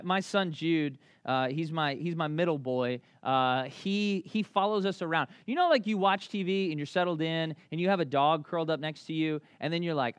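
Guy preaching, kinda high voice, chatty storytelling, gets loud then real quiet. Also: smooth, dry recording. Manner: conversational storytelling, swinging between loud bursts and hushed lines. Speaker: pastor. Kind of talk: sermon.

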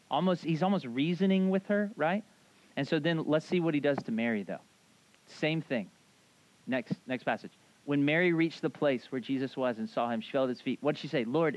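A man's voice: on the high side, no echo, muffled recording. A man preaching a casual sermon in a conversational way, often asking "right?" and acting out short quotes. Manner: conversational, animated, frequent "like" and "right?", acts out quotes. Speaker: pastor.

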